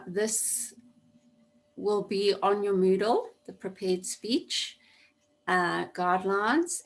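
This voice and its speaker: A woman teaching an online class over a video call, explaining a task step by step and repeating key points for emphasis. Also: on the low side. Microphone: computer mic on video call.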